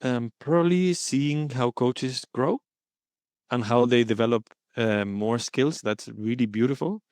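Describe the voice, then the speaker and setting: A man speaking as the guest in an interview, earnest and thoughtful, often pausing to search for his words. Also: mid-range voice, darkish tone, no echo, clean studio sound. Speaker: guest coaching supervisor. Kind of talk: reflective interview talk.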